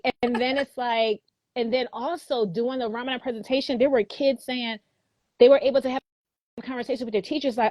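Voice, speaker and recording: A middle-aged woman from Philadelphia with a Philadelphia accent, a guest telling stories in a casual interview, animated and often laughing. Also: fairly high pitch, fairly quick, no room sound. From Philadelphia, USA. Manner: animated, quotes people in lively voices, laughs often. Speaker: guest educator.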